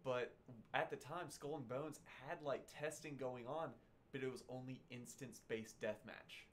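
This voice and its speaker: A man in casual podcast chat, telling rambling animated stories about games he streams. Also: medium pitch, moderate pace, slight background noise.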